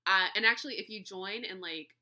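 A woman's voice: mid-range voice, brisk, pushed and bright. A woman hosting her own podcast, talking casually and effusively straight to her listeners, laughing often and dropping in slang like y'all. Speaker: podcast host. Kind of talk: casual solo podcast chat.

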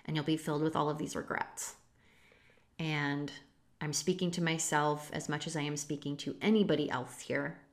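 A woman's voice: deep voice, fairly even intonation, normal speed. A woman in her thirties hosting a solo podcast, talking in an earnest, confessional way and swearing casually now and then. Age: 30s. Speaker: podcast host. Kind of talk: reflective solo podcast talk.

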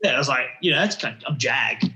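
A man's voice: medium pitch, lively intonation, quick pace, sharp tone, echoey room, poor audio. A man in his thirties with an Australian accent, telling stories as a guest in a casual interview, slangy and full of restarts. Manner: rambling storyteller, slangy, many restarts.

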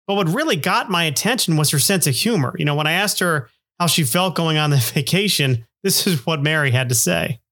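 Middle-aged man, podcast host, slightly raised pitch, loose chatty narration, lots of fillers. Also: animated, brisk, few pauses, fairly bright tone. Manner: rambling, self-deprecating, many fillers.

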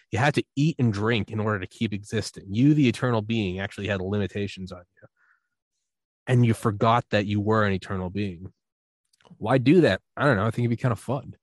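Animated man riffing loosely, low voice. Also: no room sound. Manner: animated storytelling, acts out voices, swears freely. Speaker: podcast host. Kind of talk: casual podcast chat.

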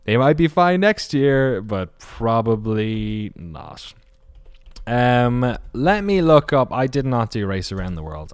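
Rambling man, low dry voice. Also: no echo. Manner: rambling, off-the-cuff, swears, corrects himself often. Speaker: podcast host. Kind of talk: solo podcast monologue.

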